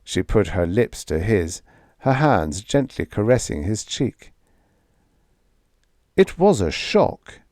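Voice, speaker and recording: A man narrating a vintage science fiction short story as a sleep story, calm and measured. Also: fairly low pitch, no room sound, clean studio sound. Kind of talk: scripted audiobook narration for sleep.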